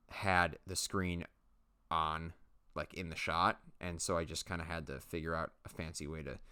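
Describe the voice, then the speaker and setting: A man's voice: sits low, bright, forceful tone, clear, resonant tone. A man casually narrating his own leatherworking footage, rambling and joking at his own expense. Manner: rambling, self-mocking, jokey asides. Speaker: leatherworking channel host.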